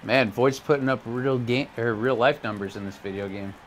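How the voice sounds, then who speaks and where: A man's voice: medium pitch, moderate pace, slight background noise. A man co-hosting a game stream, chatting casually and reading out viewer comments with amused banter. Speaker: stream co-host reading chat. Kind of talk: casual chat.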